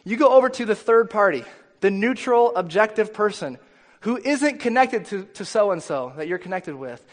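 A male pastor preaching a sermon in a conversational, animated storytelling way, often restarting his sentences. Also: sits high, moderate pace. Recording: long hall reverb.

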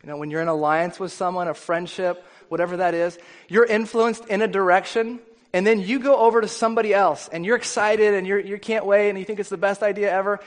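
A male pastor preaching a sermon in a conversational, animated storytelling way, often restarting his sentences. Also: high voice, brisk. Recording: long hall reverb.

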